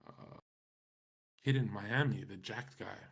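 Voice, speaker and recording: A man's voice: fairly low pitch, takes it slowly, vocal fry, a bit bright, slightly rough. A young man streaming, talking in a casual, rambling way, swaggering and full of profanity and slang.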